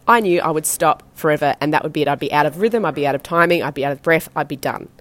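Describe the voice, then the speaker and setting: An Australian woman in her thirties talks straight into the mic as a motivational podcast host. Her voice sits on the low side and the sound is dry and close, with no room echo. She speaks with energy and emphasis, and now and then uses mildly rough words. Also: fast, fairly bright tone. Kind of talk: motivational monologue.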